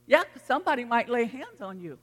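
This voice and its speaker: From the front of a church, a pastor delivers a sermon to his congregation in a folksy, earnest storytelling style. His medium-pitched, slightly bright voice moves briskly with big pitch swings, and the recording has a hall's long reverb.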